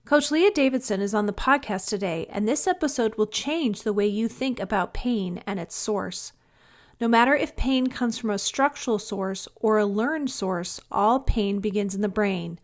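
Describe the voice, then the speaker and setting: A woman's voice: mid-range voice, normal speed. Woman reading a scripted episode intro. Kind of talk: scripted narration.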